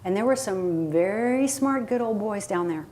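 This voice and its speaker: A woman's voice: mid-range voice, animated, normal speed, a little mellow. A woman from Southern California chats in an interview, telling stories in a folksy, emphatic way. Her voice sits in a middle register. Faint background noise runs under the recording. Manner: folksy storytelling, emphatic asides. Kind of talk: casual interview chat.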